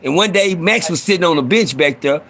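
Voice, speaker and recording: A man's voice: on the high side, animated, a little fast, fairly bright tone. A man hosting a live stream, telling rowdy, profane stories and acting out the voices of people in them. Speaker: host. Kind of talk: storytelling on a live audio stream.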